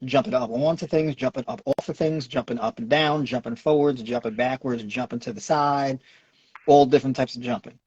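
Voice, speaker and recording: A man's voice: mid-range voice, steady tone, fairly quick, darkish tone, slightly rough, lo-fi sound. A man with a New York accent, a nutrition and fitness coach, explaining at length in a lecturing way and checking in with "right?". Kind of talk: explaining in a podcast Q&A.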